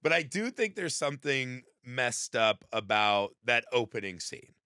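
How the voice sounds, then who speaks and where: A young man co-hosts a movie podcast in casual chat, sounding profane and animated as he acts out lines from films. His mid-range voice is clear and resonant at a measured pace, with a studio-quality recording and no echo.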